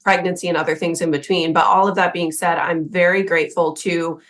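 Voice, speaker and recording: Woman in her thirties, podcast co-host, casual chat, candid and self-deprecating, slightly low voice. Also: level tone, a little fast, fairly bright tone. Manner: candid, self-mocking storytelling with quoted asides.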